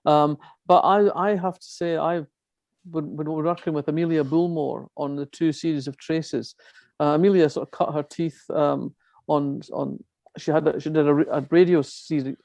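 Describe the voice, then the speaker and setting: A woman's voice: sits low, vocal fry, warm tone, dry recording. An older woman from Scotland, a crime novelist, talking in a chatty way with many restarts at an online festival. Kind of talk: festival talk on a video call.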